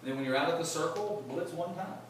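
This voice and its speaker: A man with a slightly high voice and a quick pace delivers a relaxed, jokey motivational talk to a live audience at a company event, where he works in sales leadership. He's chatty and keeps quizzing the crowd. Echo from the large room, a far mic, and background noise mark the recording.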